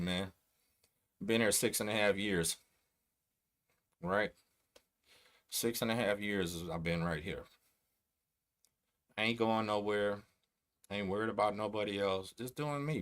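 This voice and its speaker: A middle-aged man from Texas with a Texan accent, hosting a casual livestream and talking slowly, bluntly and streetwise. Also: on the low side, animated. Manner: slow, blunt, streetwise talk. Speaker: host.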